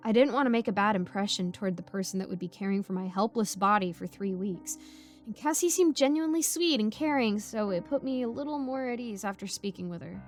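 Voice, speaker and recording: A woman's voice: mid-range voice, fairly quick. Woman narrating a horror story. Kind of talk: creepypasta narration. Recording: music bed under voice.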